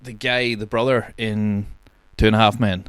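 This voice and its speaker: A man's voice: on the low side, little pitch movement, moderate pace, fairly bright tone, smooth, no room sound. Rambling man in a casual podcast chat. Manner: rambling, trails off, quotes scenes, swears casually. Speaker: podcast co-host.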